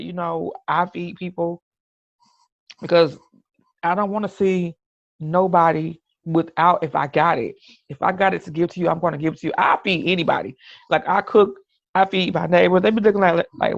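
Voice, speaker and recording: A middle-aged podcast host speaks in a candid, earnest monologue with a gravelly edge, often starting over mid-sentence. The recording is dull and lo-fi, with no room sound at all. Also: medium pitch, dry recording. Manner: earnest, with restarts and "you know what I'm saying".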